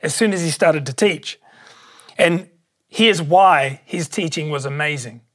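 A pastor preaching a sermon, emphatic and excitable, repeating key phrases for weight. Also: medium pitch, unhurried.

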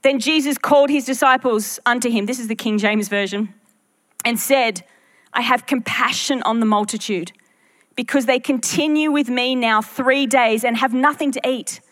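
A woman's voice: a little high, normal speed, a bit bright. A woman pastor preaching a sermon to her church, earnest and full of rhetorical questions to the congregation.

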